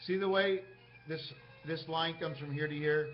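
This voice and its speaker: A man's voice: fairly high pitch, fairly even intonation, normal speed. Rambling man, muffled lo-fi sound. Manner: rambling, jumps between topics, asks himself questions. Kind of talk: rambling monologue to camera. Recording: muffled lo-fi recording with faint music.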